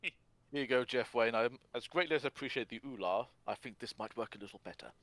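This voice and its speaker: A man's voice: mid-range voice, expressive, quick pace, a bit bright, no room sound. A man co-hosting a casual podcast chat, rambling with fillers and laughing often. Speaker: podcast co-host.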